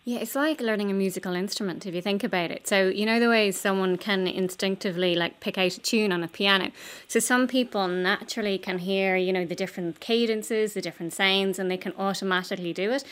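A woman's voice: medium pitch, fast talker, a bit bright. A woman voice coach on the radio, explaining pronunciation in a chatty way with everyday examples. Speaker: voice coach guest. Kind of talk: explanatory radio interview answers.

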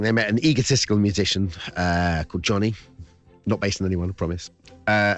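Brief: low-pitched male author, animated storybook reading, faint music underneath. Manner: lively, chatty asides. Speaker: children's author. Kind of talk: reading his children's book aloud.

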